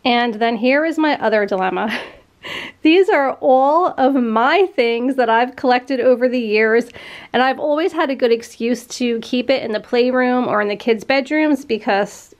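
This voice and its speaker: A woman in her thirties, a vlogger chatting with viewers and getting sentimental as she clears out a room at home. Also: a little high, a little slow. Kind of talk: casual vlog narration. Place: at home, in a playroom.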